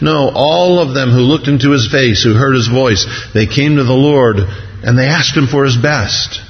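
A man preaching a sermon, reading scripture aloud and then explaining it, acting out the voices of the people in the story. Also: fairly quick. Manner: reads scripture then expounds, acting out voices with rising pitch. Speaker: pastor. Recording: dull, lo-fi sound with long hall reverb.

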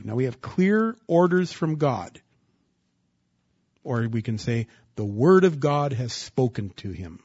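A man preaching a sermon, asking the congregation rhetorical questions and rising into loud bursts of emphasis. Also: medium pitch, very animated, a little slow, slightly rough, no room sound, lo-fi sound. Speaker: pastor.

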